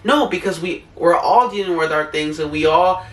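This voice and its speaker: A young man gives heartfelt advice in a rambling, earnest way with lots of "like" fillers. His voice sits high and sounds bright. The room is echoey and the mic is a little far off. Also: moderate pace. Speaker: vlogger. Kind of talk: casual heartfelt advice talk.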